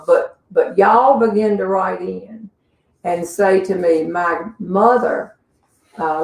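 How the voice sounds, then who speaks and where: A woman's voice: lowish voice, gravelly, darkish tone. An older woman with a Southern accent, a humorist telling stories and answering questions in a folksy, chuckling way. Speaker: humorist host. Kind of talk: casual storytelling and Q&A. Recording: roomy sound from a distance.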